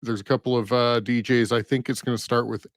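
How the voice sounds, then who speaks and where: A man co-hosting a casual gaming podcast, relaxed and halting, with many pauses and restarts. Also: medium pitch, no room sound, clean studio sound. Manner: relaxed, halting, full of fillers. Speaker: podcast co-host.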